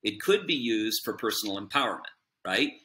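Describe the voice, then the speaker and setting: A man's voice: fairly low pitch, expressive, brisk, sharp tone, a little hiss or hum. A man speaking as a podcast guest, explaining his views earnestly in a conversational way, with frequent fillers and a habitual "right?" at the end of points. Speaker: podcast guest, business chairman. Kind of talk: conversational interview answer.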